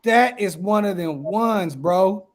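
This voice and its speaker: A man hosting a casual sports chat and reading viewer comments, talking in a relaxed, slangy way. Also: high-pitched, slow. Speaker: host.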